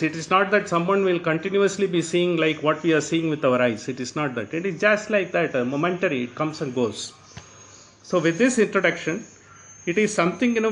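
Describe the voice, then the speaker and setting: A man's voice: on the high side, rough recording. Older man, raised voice. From South India. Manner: unhurried, often says "you know"; chants verses slowly. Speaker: teacher of scripture. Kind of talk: spiritual discourse.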